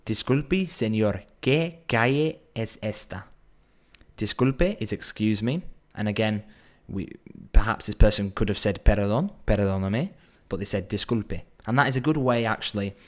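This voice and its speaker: A man teaching Spanish in a relaxed, explanatory way, slowing down to sound out phrases and thinking aloud as he goes. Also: on the low side. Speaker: Spanish tutor. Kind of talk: explanatory language lesson.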